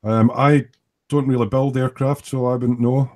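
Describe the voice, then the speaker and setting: A man's voice: mid-range voice, fairly even intonation, moderate pace, darkish tone. A man hosting a casual model-making hangout over a video call, teasing his friends and reading out viewer comments.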